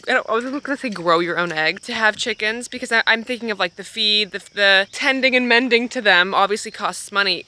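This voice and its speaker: A young woman talks through her day in a chatty, bubbly vlog, drifting into little asides. Her voice is bright and forward. She sounds like a fitness coach talking straight to her viewers. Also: medium pitch. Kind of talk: casual day-in-the-life vlog.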